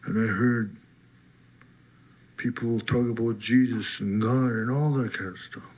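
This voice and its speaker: A man slowly telling his personal faith testimony, husky voice, getting lively as he retells being set free. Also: mid-range voice. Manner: slow storytelling, lively when retelling his release. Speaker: testimony speaker.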